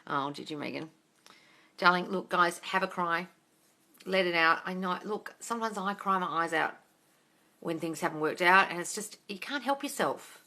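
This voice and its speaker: A woman with a bright, forceful tone and a slightly low pitch chats frankly through a live stream. She answers viewer comments one after another, swears without a second thought and keeps calling her listeners darling. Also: normal speed. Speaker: host of a manifesting Q&A live stream.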